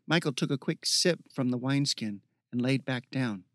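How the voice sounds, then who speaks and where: A man reading a fantasy novel aloud as narrator, in a measured, evocative style. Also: medium pitch, fairly bright tone, dry recording, clean studio sound. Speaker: audiobook narrator. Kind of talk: scripted narration.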